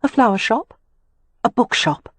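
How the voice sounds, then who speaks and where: A woman narrator voicing a sharp, skeptical young lady companion with a prim, questioning manner. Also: a little high, expressive, a little slow, slightly rough, no echo, voice pushed up, exaggerated voice. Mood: flustered.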